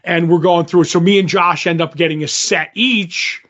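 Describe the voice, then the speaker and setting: A man's voice: high-pitched, normal speed. A man co-hosting a podcast, telling a casual story and acting out the dialogue of the people in it. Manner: animated, acts out quoted dialogue. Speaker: podcast co-host. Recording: dull lo-fi audio.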